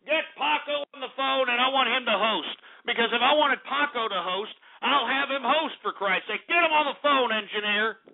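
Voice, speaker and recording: A man hosting a call-in radio show, ranting loudly and brashly and swearing often. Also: extremely high pitch, moderate pace, few pauses. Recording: narrow phone-like radio sound with faint music.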